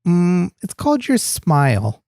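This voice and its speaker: A man's voice: sits high, wildly swooping pitch, unhurried, creaky, dark tone, no room sound, clean studio sound, full character voice. A man doing a naive, cheerful wrestler sidekick. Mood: earnest. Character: dim, earnest male wrestler sidekick. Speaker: comedy podcast co-host. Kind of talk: improvised comedy podcast banter.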